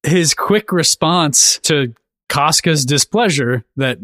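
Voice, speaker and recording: Lively man chatting about a book. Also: fairly high pitch, takes it slowly, no room sound, studio quality. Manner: animated, laughs often, playful. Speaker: podcast co-host. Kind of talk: casual book discussion.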